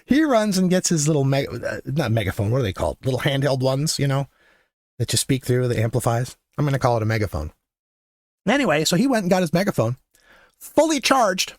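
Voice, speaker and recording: Impassioned older man ranting, lively pitch. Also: a little fast, no echo. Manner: profane and impassioned, loud shouting when recounting. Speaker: show host. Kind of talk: opinionated political monologue.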